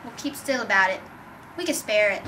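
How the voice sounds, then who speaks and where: A young woman playing a scheming male con man, using a lowered, drawling voice in an amateur drama reading. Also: expressive, brisk, sharp tone, slight background noise, low-quality recording. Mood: soothing.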